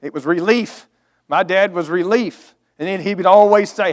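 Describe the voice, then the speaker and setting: A man's voice: sits high, normal speed. A middle-aged man preaching a storytelling sermon, earnest and emotional, swelling to emphatic outbursts.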